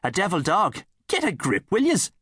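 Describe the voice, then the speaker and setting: A man's voice: high voice, wildly swooping pitch, normal speed, fairly bright tone, breathy edge, no echo, clean studio sound, pitched above the performer's own voice, heavily acted. A man with an Irish accent voicing a cocky, sarcastic town boy in an audiobook. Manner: cheeky, sarcastic. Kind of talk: audiobook character voice.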